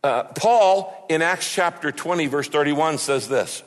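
A man's voice: fairly high pitch, sing-song, moderate pace, hardly any pauses, long reverb tail. A man pastor preaching a sermon, earnest and conversational, often repeating words for emphasis.

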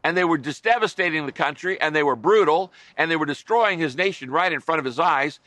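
A man's voice: fairly high pitch, brisk, pushed and bright, no echo. A middle-aged man preaching a sermon as a pastor, earnest and conversational, with wry asides to his listeners.

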